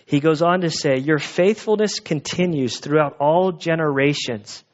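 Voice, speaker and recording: The speaker, a man with a fairly high pitch and moderate pace, is a pastor preaching to his church. His expository sermon is earnest and conversational, given in the sanctuary and captured on a dull lo-fi recording.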